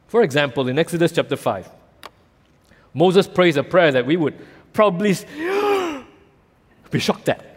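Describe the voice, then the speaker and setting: A man's voice: a little high, big pitch swings, unhurried, pauses often, breathy edge. A man preaching a sermon, telling the story animatedly with casual fillers and acting out voices. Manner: casual local fillers like "lah" and "ah". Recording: reverberant hall.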